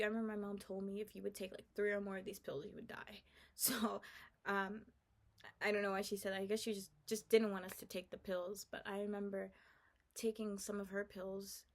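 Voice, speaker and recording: A young woman telling a personal story in a soft, earnest, confiding way, halting and full of "like" and restarts. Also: medium pitch. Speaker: vlogger. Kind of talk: personal testimony, casual storytelling.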